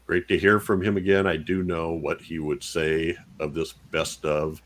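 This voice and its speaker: A man's voice: low-pitched, little pitch movement, normal speed, fairly bright tone. A man co-hosting a casual podcast, reading listener letters aloud in a wry way.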